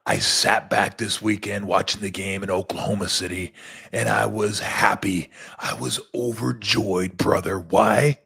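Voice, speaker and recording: A man doing a swaggering male wrestler persona that booms out a bombastic promo, slow and deliberate, and keeps hammering the word brother. The voice sits low and strains as it pushes. It sounds like a hype man who lives for the spotlight. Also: steady tone, creaky, fairly bright tone, breathy edge, exaggerated voice. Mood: boastful. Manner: bombastic promo delivery, calls listener brother.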